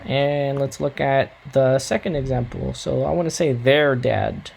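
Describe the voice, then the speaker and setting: A man's voice: mid-range voice, unhurried, creaky, a little mellow, slightly rough. A man teaching a recorded Spanish grammar lesson, coaching students patiently and checking in often with "all right?".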